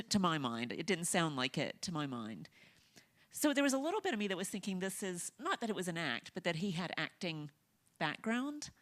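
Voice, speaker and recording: A woman hosting a radio interview, thinking aloud in a musing, thoughtful way as she reacts to her guest. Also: deep voice. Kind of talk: conversational interview.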